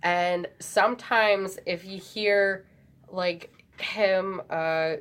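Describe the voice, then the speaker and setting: A woman's voice: medium pitch, fairly even intonation, very slow, fairly bright tone, clear, resonant tone. A young woman recounting anecdotes in a chatty, easy way during a casual group chat.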